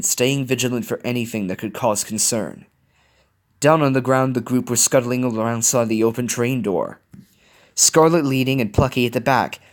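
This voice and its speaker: A man reading fan fiction aloud in an expressive, storytelling way. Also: medium pitch. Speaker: reader.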